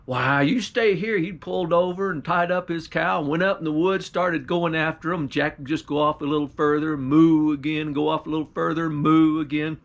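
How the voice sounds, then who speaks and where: A pastor telling a folktale in a drawling, folksy storyteller's manner, with country grammar and little voices for the characters. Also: male voice, on the high side, little pitch movement, brisk, vocal fry, few pauses, lo-fi sound.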